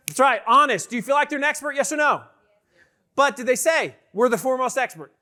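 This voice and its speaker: High, bright-voiced conference keynote man. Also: fairly quick. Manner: energetic, questions the audience often. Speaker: keynote speaker. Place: large conference hall with an audience.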